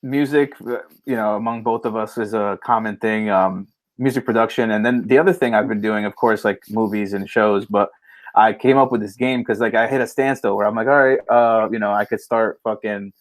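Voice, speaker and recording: A man's voice: on the low side, fairly even intonation, brisk. A man co-hosting a podcast remotely, chatting loosely and rambling with lots of fillers and swearing. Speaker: podcast co-host. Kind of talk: casual chat. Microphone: remote call setup.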